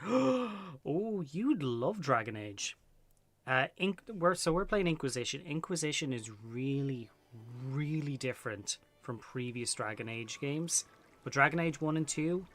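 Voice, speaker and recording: Excitable swearing male game streamer. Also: fairly high pitch, measured pace. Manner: excitable, swearing, chatty asides to chat. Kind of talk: casual gameplay commentary.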